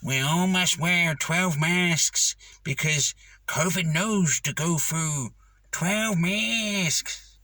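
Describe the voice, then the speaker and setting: A man putting on a mocking impression of a male public health official, speaking slowly and preachily. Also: fairly high pitch, pushed and bright, dry recording, studio quality, pitched above the performer's own voice, full character voice.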